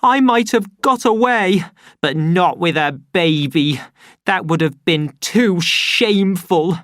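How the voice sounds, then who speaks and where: A narrator voicing a bitter, volatile young woman who shouts shrilly in an audiobook story. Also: mid-range voice, animated, takes it slowly, dry recording, clean studio sound, pitched above the performer's own voice. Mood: furious. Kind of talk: audiobook character voice.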